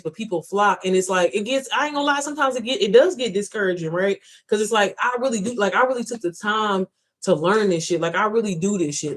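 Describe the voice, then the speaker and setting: Woman, business coach type, rapid unfiltered vlog talk to camera, profane, rambling, addresses viewers directly. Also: mid-range voice. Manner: blunt, heavily profane, talks straight to viewers as "y'all"; rambling with frequent restarts and "you know what I'm saying". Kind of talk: casual motivational vlog monologue.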